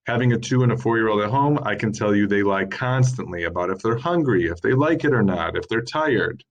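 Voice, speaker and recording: A man in his thirties giving an informal lecture at a workshop, explaining points steadily and listing them one by one as he reads from slides. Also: on the low side. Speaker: workshop presenter.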